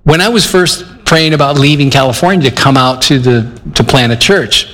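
A man's voice: mid-range voice, moderate pace, a bit bright, slight background noise. An older man from Michigan preaching a conversational sermon, earnest and plainspoken, acting out his own inner dialogue as he talks. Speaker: pastor. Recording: long hall reverb.

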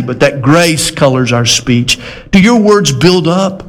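A high-voiced man delivers a sermon. He mixes folksy humor with loud, emphatic exhortation that swings up high and then settles into slow, low, earnest lines. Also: expressive. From American South. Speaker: preacher.

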